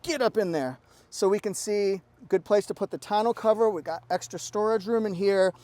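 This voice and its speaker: A man's voice: high voice, normal speed, darkish tone, no echo. A middle-aged man giving an upbeat, enthusiastic walkaround review of a car at a dealership, exclaiming as he points out features.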